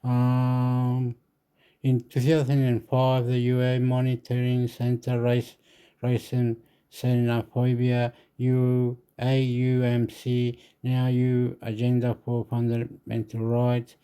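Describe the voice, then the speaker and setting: A man vlogging a casual news reaction, reading aloud haltingly with stumbles and curses. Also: mid-range voice, monotone, dark tone, clear, resonant tone, poor audio.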